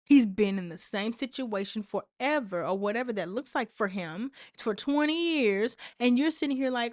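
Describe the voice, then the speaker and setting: A woman's voice: fairly high pitch, lively intonation, normal speed, few pauses, dry recording, clean studio sound. A woman vlogger talking straight to camera, emphatic and repetitive, with sassy asides. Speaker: motivational vlogger. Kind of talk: direct-to-camera motivational talk.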